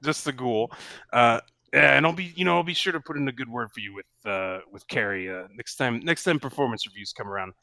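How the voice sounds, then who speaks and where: A man's voice: mid-range voice, fairly quick, gravelly, bright, forceful tone, dry recording. A man voicing a chatty, friendly male ghoul who runs an apothecary, talking casually with lots of fillers.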